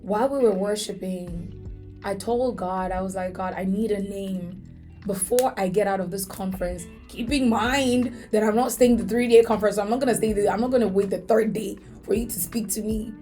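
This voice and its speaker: A woman's voice: medium pitch, fairly even intonation, normal speed, dark tone, faint music behind. A woman hosting a faith podcast, telling a story in an earnest, emotional way. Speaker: podcast host.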